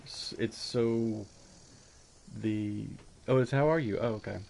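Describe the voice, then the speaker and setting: A man's voice: medium pitch, takes it slowly, gravelly, a little hiss or hum. A man chatting casually while streaming a game, rambling and thinking aloud as he plays. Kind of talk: casual gameplay chat. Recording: game music loud behind voice. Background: game music.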